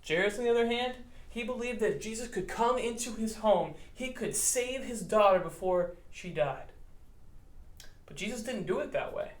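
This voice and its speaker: A male pastor with a high-pitched voice gives a children's Bible lesson at normal speed, recorded with a roomy echo. He tells the story playfully and animatedly, acting out the characters.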